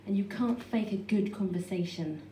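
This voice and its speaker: A pregnant woman in her thirties performing a stand-up comedy set on a small club stage, with a dry, self-deprecating delivery full of quick restarts. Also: mid-range voice. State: heavily pregnant. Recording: echoey club room from far off, noisy.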